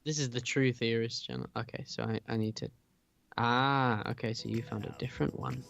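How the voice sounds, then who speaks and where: A man co-hosting a casual late-night rambling chat, excitable and quick to laugh and gasp. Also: mid-range voice, gravelly. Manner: giggly, excitable, reacts with gasps and laughs. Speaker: co-host.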